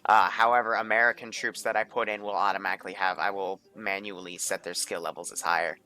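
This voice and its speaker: A man's voice: fairly low pitch, little pitch movement, quick pace, pushed and bright. A man running a multiplayer military game session, thinking aloud in an offhand way and swearing casually. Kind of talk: casual gameplay commentary.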